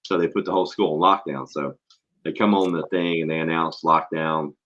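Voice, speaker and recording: A man's voice: extremely low pitch, steady tone, a little fast, fairly bright tone. A man, a schoolteacher and host, telling stories in casual, profanity-laced chat. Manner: blunt, swears freely, tells stories animatedly. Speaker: podcast host and school teacher. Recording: dull lo-fi recording.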